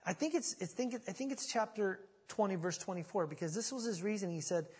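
A man preaching a sermon in a casual, conversational way, swinging from loud pleading to quiet, low asides. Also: lively intonation, fairly quick, breathy edge. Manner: conversational, dramatic retelling with big swings in volume. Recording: reverberant hall.

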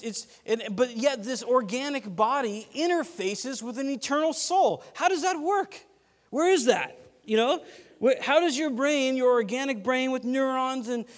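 A man preaching a casual, rambling sermon, self-deprecating and growing animated as he tells stories. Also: extremely high pitch. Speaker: pastor. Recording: long hall reverb.

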